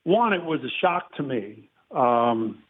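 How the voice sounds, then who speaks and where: A man's voice: mid-range voice, sing-song. Man talking football over a tinny phone. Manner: measured, clears throat often, self-correcting. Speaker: interview guest, football analyst. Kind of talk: casual phone interview.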